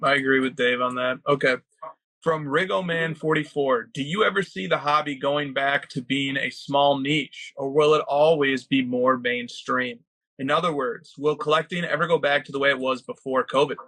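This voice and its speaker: Bright-voiced man in casual chat. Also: medium pitch, steady tone, moderate pace, dry recording, rough recording. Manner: wry, reads out listener questions. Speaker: co-host of a collecting podcast.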